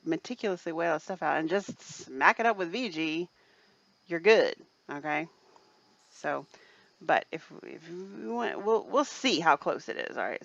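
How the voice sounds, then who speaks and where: On a muffled recording, a woman with a lowish voice and vocal fry co-hosts a laid-back show, chatting through a mixing demo step by step. She keeps it casual and instructional, addressing viewers as "people."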